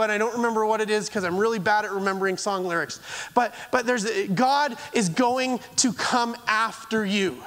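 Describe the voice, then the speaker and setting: Preaching in a high-sitting voice, this pastor is earnest yet halting, frequently starting his phrases over. His delivery swings from loud to hushed.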